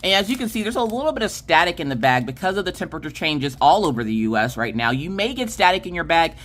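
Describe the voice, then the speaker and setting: A chatty woman with a low voice talks through a craft unboxing. She gets excited, then catches and corrects her own slips. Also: quick pace. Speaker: craft video host. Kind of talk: casual unboxing chat.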